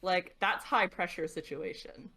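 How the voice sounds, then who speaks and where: A woman's voice: fairly low pitch, measured pace. A woman playing a tabletop game, chatting casually with lots of fillers. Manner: relaxed, filler-heavy talk. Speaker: player. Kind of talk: casual chat between players.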